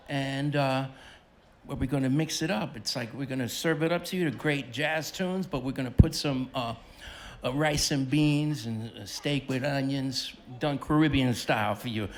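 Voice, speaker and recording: A man's voice: on the high side, slight background noise. A man emceeing his band on a festival stage, joking and teasing the crowd through a stage microphone. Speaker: bandleader and emcee. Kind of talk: live stage banter.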